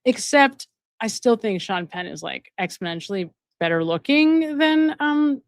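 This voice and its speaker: A woman's voice: a little high, expressive, measured pace, no room sound, clean studio sound. A woman hosting a live stream. She reads out viewer donations and gives commentary, repeating phrases for emphasis. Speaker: host and addiction counselor.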